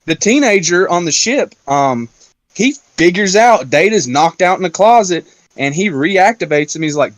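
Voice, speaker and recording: Male podcast host, fairly high voice, dry close recording, lively storyteller. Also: moderate pace, no echo. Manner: animated storyteller, acts out quotes. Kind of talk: casual round-table chat.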